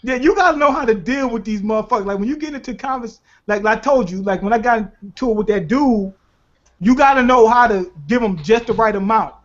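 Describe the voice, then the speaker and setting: A man co-hosting a casual chat, telling profane, animated stories and laughing often. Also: very high-pitched, brisk. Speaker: podcast co-host. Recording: dull lo-fi recording.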